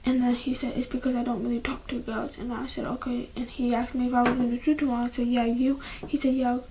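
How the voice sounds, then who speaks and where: A teenage girl talks casually at home in a slightly high voice, rambling and restarting her sentences, often slipping into a whisper. A faint hiss sits behind her. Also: level tone, fast, warm tone. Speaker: vlogger. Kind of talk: casual chat. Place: at home, indoors.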